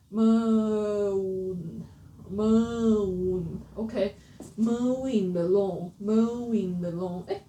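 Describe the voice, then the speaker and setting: A woman teaching pronunciation, repeating words slowly and correcting herself as she goes, in a casual lesson. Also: medium pitch, warm tone. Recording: roomy, slightly distant mic.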